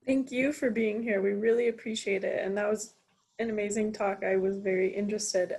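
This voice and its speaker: Young woman, student officer, husky voice, upbeat, video call. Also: medium pitch, fairly even intonation, fairly quick, a little mellow. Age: young adult.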